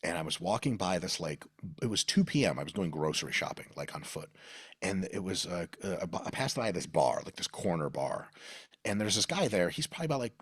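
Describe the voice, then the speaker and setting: A man's voice: sits low, big pitch swings, a little fast, a bit bright, breathy edge, no room sound, studio quality. A man talking as a podcast guest, telling stories in a rambling, profane way and acting out the voices of the people he quotes. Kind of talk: casual storytelling.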